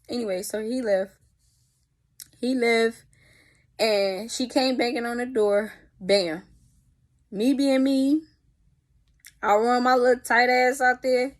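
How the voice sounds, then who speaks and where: A young woman telling a story in a casual vlog, animated and profane, with spoken sound effects. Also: fairly high pitch, unhurried, pauses often. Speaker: vlogger.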